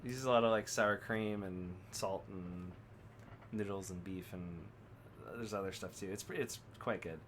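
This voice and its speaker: A man's voice: fairly low pitch, moderate pace, a bit bright. A man casually commenting while streaming a story game, chatty and joking. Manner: chatty, joking asides, playful. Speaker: streamer playing a visual novel. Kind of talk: casual let's-play commentary. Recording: noisy background hiss.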